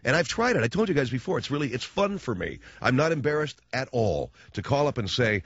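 A man's voice: mid-range voice, sing-song, brisk, few pauses, fairly bright tone, breathy edge, dry recording, highs cut off. A man hosting a radio show, telling a comic, sarcastic story in a rambling monologue with many restarts. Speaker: radio host.

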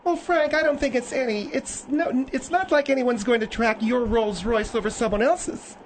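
A woman playing a calm, mild-mannered wife who co-hosts a comedy radio talk show. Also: on the high side, moderate pace, a little hiss or hum, natural voice. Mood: placating. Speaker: radio co-host.

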